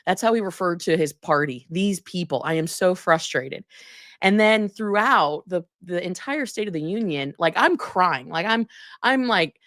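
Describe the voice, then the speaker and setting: A woman's voice: lowish voice, animated, moderate pace, fairly bright tone, no room sound, studio quality. A woman guest on a talk show, a congresswoman, talking emphatically and indignantly with many restarts. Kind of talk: political interview.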